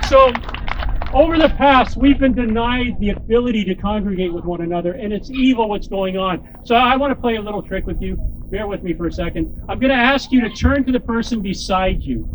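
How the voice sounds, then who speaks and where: A man's voice: very high-pitched, noisy background. A man, a motivational speaker and corporate trainer, giving a joking, crude, rousing speech to a crowd into a handheld microphone.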